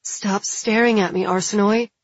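A woman narrating an audiobook, voicing a guarded young woman who speaks in a low, tired voice, with a husky tone. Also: fairly even intonation, normal speed, dry recording, muffled recording, natural voice. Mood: weary.

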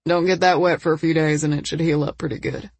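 A woman reading a storybook, voicing a calm, gentle man tending a wound, with a steady, soft-spoken manner. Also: sits low, quick pace, slightly rough, no echo.

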